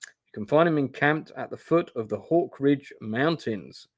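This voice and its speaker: A man's voice: medium pitch, expressive, unhurried, no room sound, clean studio sound, pitched above the performer's own voice. A man voicing a hearty, jovial male woodsman who offers food to a traveller in a gamebook read-aloud. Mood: friendly. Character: rugged friendly male woodsman, jovial host.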